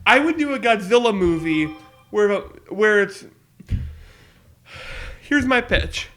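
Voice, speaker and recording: A man co-hosting a podcast in casual chat, eagerly pitching ideas and jumping between topics. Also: expressive, slow pace, a bit bright, faint music behind. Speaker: podcast co-host.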